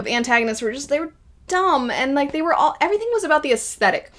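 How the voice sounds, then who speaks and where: A woman reviewing a series in a casual spoken style, lively and acting out her own quoted reactions. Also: high voice, fast. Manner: animated, acts out quoted reactions. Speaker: video reviewer.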